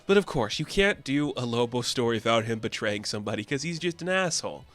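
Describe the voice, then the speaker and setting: A man's voice: mid-range voice, lively intonation, quick pace, fairly bright tone, no echo. A man casually reviewing a comic issue with offhand, slangy asides. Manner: laid-back, offhand, recaps with slangy asides.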